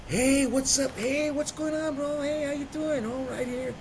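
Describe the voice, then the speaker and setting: Man voicing a hyped-up, squeaky-high friend, loud and pushy. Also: a little slow, creaky, a little hiss or hum, exaggerated voice. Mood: eager, excited. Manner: loud, upbeat, high-pitched and overly eager. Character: excitable male friend, still using, eager to pick him up.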